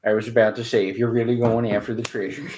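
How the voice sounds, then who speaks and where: A man's voice: lowish voice, flat delivery, quick pace, crowd noise. A man with dry, teasing humor chatting casually during a card game. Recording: echoey room, faint noise, card clicks.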